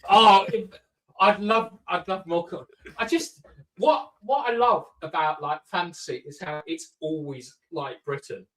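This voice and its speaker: A man's voice: a little high, unhurried, a bit bright, poor audio. A man chatting casually as a podcast guest, opinionated and full of fillers, from the countryside. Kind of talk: casual chat.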